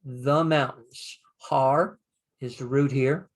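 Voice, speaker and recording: An older man teaching a Bible Hebrew lesson, slowly sounding out Hebrew words and explaining them with frequent pauses. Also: mid-range voice, steady tone. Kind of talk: screen-share lesson.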